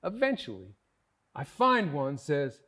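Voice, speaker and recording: A man's voice: fairly high pitch, wildly swooping pitch, a little slow, bright, forceful tone, exaggerated voice. An actor playing a sardonic, anxious man who swears and talks to himself while looking for therapy in a solo musical drama. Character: wry, anxious, struggling man seeking therapy. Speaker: solo stage performer.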